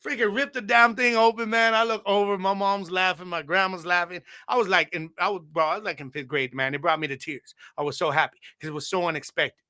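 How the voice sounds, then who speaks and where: A man's voice: fairly high pitch, quick pace, hardly any pauses. A man hosting a podcast, telling a childhood story in a casual, slangy way and talking straight to his listeners. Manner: animated, slangy, addresses audience directly. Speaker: podcast host.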